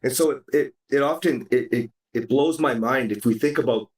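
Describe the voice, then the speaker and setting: A man hosts a podcast in a loose, animated way and drops casual swearing. His voice sits back from the mic in a roomy, echoing space. His pitch is mid-range. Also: normal speed. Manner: animated, acts out quoted dialogue, swears casually. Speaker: podcast host. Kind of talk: casual chat. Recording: roomy sound from a distance.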